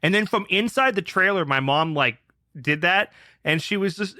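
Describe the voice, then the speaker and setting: A man with a fairly high, very bright and forceful voice rants through a family story on a podcast, swearing freely as he builds up steam. The sound is close and dry, with no room around it. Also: lively intonation, moderate pace, dry recording. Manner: profane, fired-up ranting. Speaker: podcast co-host.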